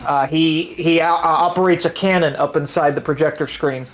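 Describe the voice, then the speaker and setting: A man's voice: a little high, fairly even intonation, normal speed, soft background music. A man co-hosting a game stream in casual chat, telling trivia and swearing freely. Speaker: stream co-host.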